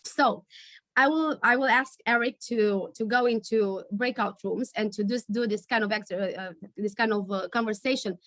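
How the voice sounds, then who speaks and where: A woman leading a storytelling workshop over a video call, searching for words with many pauses and fillers. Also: medium pitch, a bit bright, no room sound, clean studio sound. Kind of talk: online workshop teaching.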